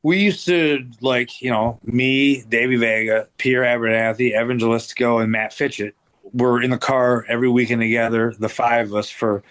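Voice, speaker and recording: A middle-aged man, a guest wrestler, telling stories in casual podcast chat, laid-back and profane, full of "like". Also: mid-range voice.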